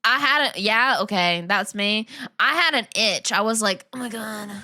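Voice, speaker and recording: A woman's voice: mid-range voice, animated, moderate pace, pushed and bright. A woman streaming and chatting casually with her viewers, giggling often and teasing as she reads and answers the chat. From Long Island, New York.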